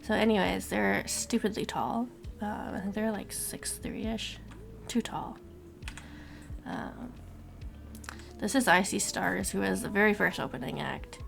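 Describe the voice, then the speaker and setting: A young woman streamer chatting casually and rambling to her viewers, swearing now and then, with a gravelly voice. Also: medium pitch, unhurried, long pauses, soft background music.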